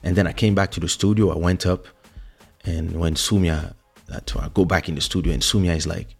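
A man hosting a podcast, telling a personal story in an animated way, with many restarts and acted quotes. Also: deep voice, brisk, creaky, slightly rough, faint music behind. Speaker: podcast host. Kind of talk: storytelling monologue.

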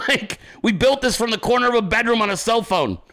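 Profane, sharp-voiced ranting man. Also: very high voice, a little fast. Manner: profane, combative, mocking. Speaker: podcast host. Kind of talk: ranting political commentary. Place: home office at a desk.

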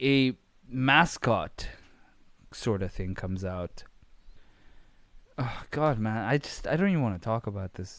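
A man hosts a casual recap podcast, venting in an exasperated, profane ramble full of sighs and restarts. His voice is smooth and resonant. The recording is close and dry. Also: mid-range voice, no room sound. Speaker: podcast host.

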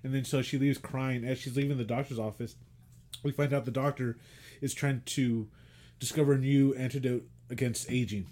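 A man's voice: medium pitch, normal speed. A man co-hosting a podcast, retelling an old movie in casual chat, acting out quotes and swearing freely. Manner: animated storytelling, acts out quotes, swears and laughs. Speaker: podcast co-host.

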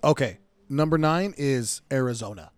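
A man in his late twenties co-hosting a casual podcast, his voice at an ordinary pitch and recorded dry and close. He laughs a lot, jokes crudely and reads items out from a list. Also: lively intonation, normal speed, clear, resonant tone, no room sound. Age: 20s. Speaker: podcast co-host.

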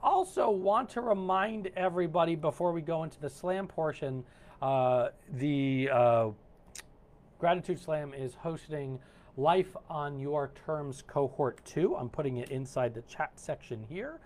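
A man with a fairly high voice and measured pace coaches and hosts a live online session over a video call. His casual live-stream talk is animated and warm-hearted, rambling along with many fillers and restarts.

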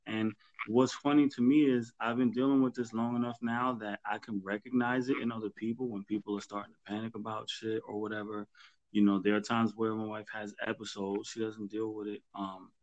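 A low-voiced man talks in a relaxed, slangy way, hosting a podcast as casual chat and laughing easily. The recording is dry and a little dull. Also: no room sound. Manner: laid-back, slangy, laughs often.

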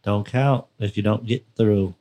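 A man's voice: on the low side, fairly even intonation, a little slow, dark tone. A man co-hosting a casual podcast, throwing in teasing asides and egging the others on. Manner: joking, needling asides. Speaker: podcast co-host. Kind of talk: casual call-in banter.

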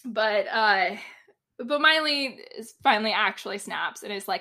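A woman's voice: mid-range voice, lively intonation, a little slow, sharp tone. A woman co-hosting a podcast, chatting casually about a TV episode, laughing often and filling her talk with "like". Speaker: podcast co-host. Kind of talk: casual TV recap chat.

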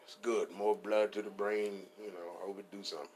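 A man's voice: lowish voice, flat delivery, fairly quick, a little mellow, a little hiss or hum. A man hosting a comedy podcast, riffing in a profane, rambling, playful way. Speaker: podcast host.

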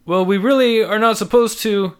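A man's voice: high voice, moderate pace, clean tone, voice pushed up, lightly acted. Tired shop clerk with a put-on service smile, read by a male narrator. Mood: polite. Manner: forced customer-service politeness. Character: weary male jewelry store clerk.

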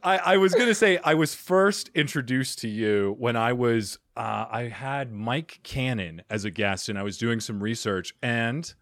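A man's voice: mid-range voice, unhurried, few pauses, a bit bright, no room sound, clean studio sound. A man hosting a comedy advice podcast over a video call, chatting playfully, punning and laughing often. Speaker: podcast host. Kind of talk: casual interview chat.

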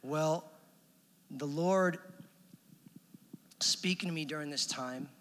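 Bright-voiced preacher in a reverberant hall. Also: male voice, fairly high pitch, slow, a little hiss or hum. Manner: animated storytelling, acting out quoted voices. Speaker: minister. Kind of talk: sermon testimony.

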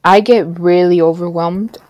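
A woman's voice: on the low side, steady tone, a little slow, highs cut off, crowd noise. A young woman in a casual chat, often laughing through her words.

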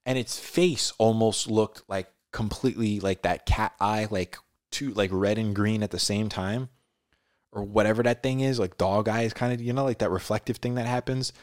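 A man, a podcast host, casually telling a story in a laid-back way, dropping "dude" and "like" often and building drama with pauses. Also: fairly low pitch, no echo, clean studio sound. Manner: animated, dramatic retelling with pauses.

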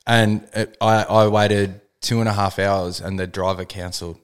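A man's voice: lowish voice, little pitch movement, moderate pace, smooth. An Australian man co-hosting a podcast, telling stories in a laid-back, rambling, sweary way. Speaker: podcast co-host. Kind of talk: casual chat and storytelling.

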